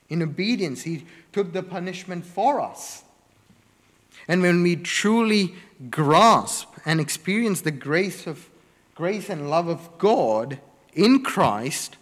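A man preaching a sermon, slow and deliberate, stressing words one by one in emphatic lists. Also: fairly high pitch, fairly bright tone, big-room sound.

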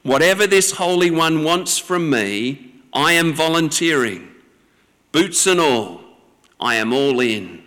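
A man preaching a sermon as the pastor, slow and deliberate, with measured pauses between phrases. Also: on the high side, a bit bright, in a large hall.

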